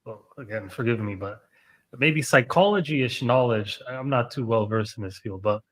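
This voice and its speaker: A man's voice: medium pitch, normal speed, fairly bright tone, poor audio. Thoughtful male interview host. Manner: thoughtful, hedging questions.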